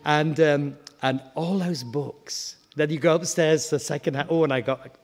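Male preacher, conversational sermon, repeats words, climbs into animated questions; reverberant church hall. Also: on the high side, a little slow. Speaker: guest preacher. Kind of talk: informal sermon.

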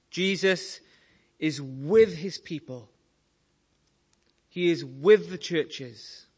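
A man preaching a sermon, slow and earnest, telling stories to make his point. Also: fairly high pitch.

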